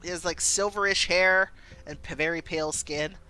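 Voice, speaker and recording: A woman's voice: on the low side, steady tone, moderate pace, bright, forceful tone, clear, resonant tone. A young woman streaming a story game live, chatty and laughing often as she talks to her viewers.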